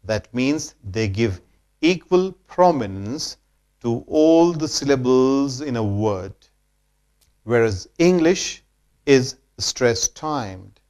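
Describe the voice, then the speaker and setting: A man from India teaching English pronunciation in a slow, deliberate scripted lesson, repeating example words for drill. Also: medium pitch, a little mellow.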